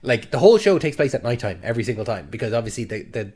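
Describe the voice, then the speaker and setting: A man's voice: medium pitch, very animated, very fast, a little mellow, husky. A man co-hosting a casual podcast, rambling and trailing off with filler phrases. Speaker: podcast co-host.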